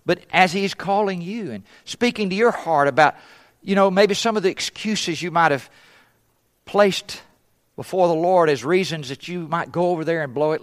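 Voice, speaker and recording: A middle-aged man preaches with a slightly high voice. He tells a humorous story from the pulpit and switches voices for the people he quotes. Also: normal speed. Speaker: pastor, former missionary. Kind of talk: sermon with storytelling.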